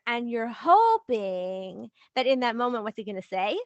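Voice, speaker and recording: On her podcast, a relationship coach gives casual advice in a lively way, putting on little voices for the everyday examples she quotes. She speaks on the high side at a normal pace with few pauses, and the recording is dry.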